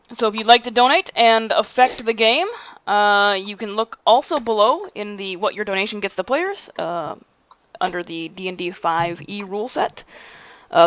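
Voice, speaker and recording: A woman acting as game master on a live stream, chatting casually and halting with frequent fillers and restarts. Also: mid-range voice, a bit bright, highs cut off. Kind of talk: casual streamed tabletop chat.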